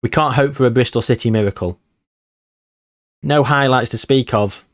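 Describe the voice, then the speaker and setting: A man, tired, giving casual commentary on a football management game and muttering player names between bursts of excitement. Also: mid-range voice, moderate pace, no echo, clean studio sound. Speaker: gaming channel host.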